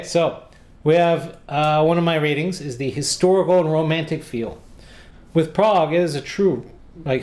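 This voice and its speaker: A man's voice: a little high, a little mellow. An American man talking about his travel guidebook in a casual, rambling way, with sarcastic jokes and frequent restarts. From United States. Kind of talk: casual rambling vlog talk.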